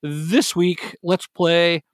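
A man's voice: a little high, level tone, very slow, dry recording, clean studio sound. A man co-hosting a sports podcast, teasing his partner and laughing easily in casual chat. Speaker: podcast co-host.

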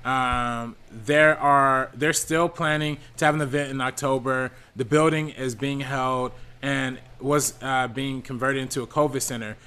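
A man with a bright, forceful voice reads viewer donations on a casual live-stream panel show. He keeps an average pitch, scatters ums through his reading, and laughs easily. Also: steady tone, unhurried, few pauses, clean tone.

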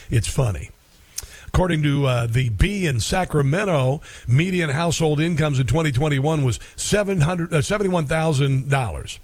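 A man's voice: on the high side, moderate pace, no echo. A middle-aged man hosting talk radio in a rambling, folksy monologue full of fillers.

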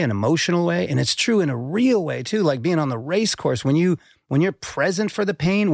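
A man's voice: on the high side, no room sound, clean studio sound. A man speaking as a podcast guest, earnest and reflective, who swears casually and repeats words as he starts a thought. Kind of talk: conversational podcast talk.

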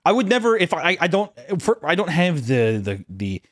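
A man's voice: fairly high pitch, sing-song, brisk, a bit bright, dry recording, studio quality. A young man co-hosting a comedy podcast, riffing jokily and dropping into silly put-on voices. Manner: jokey, riffs and slips into put-on voices. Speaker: podcast co-host. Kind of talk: casual comedic banter.

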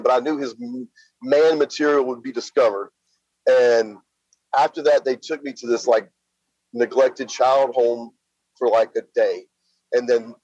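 A husky-voiced middle-aged man with a drawl talks through his story in a plain, halting way, leaning on fillers. The sound is dry and a little dull, like a lo-fi podcast line. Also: medium pitch, darkish tone, no room sound. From Louisiana. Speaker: interview guest. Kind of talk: casual spoken storytelling.

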